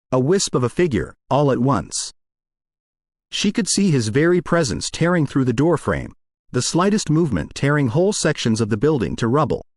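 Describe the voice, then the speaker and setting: A man narrating a story in an expressive reading voice. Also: medium pitch, no echo, studio quality. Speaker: audiobook reader.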